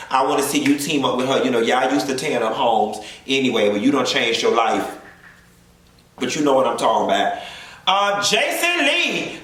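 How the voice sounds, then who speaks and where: A high-voiced man, sassy and flamboyant, ranting through a profane comedic recap of a reality show. The sound is very echoey, as if spoken in a bare room. He throws in drawn-out asides and mock sermons as he talks. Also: a bit bright. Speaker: reality TV commentator.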